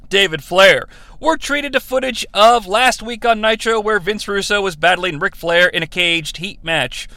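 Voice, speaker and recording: A man hosting a podcast, giving a jokey, animated comedic recap of a wrestling broadcast. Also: very high voice, no room sound. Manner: animated, jokey, laughs at his own asides. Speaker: podcast host.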